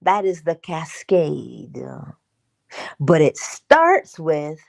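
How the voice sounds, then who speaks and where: Her voice low and gravelly but animated and wide-ranging, a woman hosts a morning spiritual livestream talk. She speaks emphatically and conversationally, poses questions to the audience, and performs little back-and-forth dialogues with herself.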